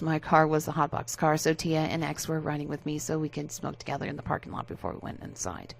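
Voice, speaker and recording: A woman narrating a story aloud in a steady, casual way. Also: on the low side, gravelly.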